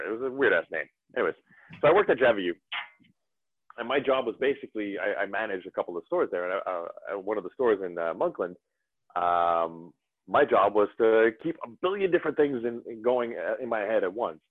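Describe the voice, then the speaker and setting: Low-voiced man, tinny phone-like sound. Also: no echo. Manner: animated, rambling with restarts. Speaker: podcast guest. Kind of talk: casual conversation. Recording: dry, phone-like narrow sound.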